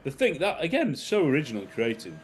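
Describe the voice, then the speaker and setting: A man's voice: a little high, huge pitch swings, fast, slight background noise. A man on a podcast panel chatting enthusiastically about a film, and he laughs often. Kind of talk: casual film discussion.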